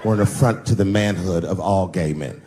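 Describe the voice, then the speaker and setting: A man voicing a pompous male online blogger who speaks slowly in a made-up deep voice. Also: a little mellow, a little hiss or hum, natural voice. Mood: indignant. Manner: slow, drawn-out, self-important.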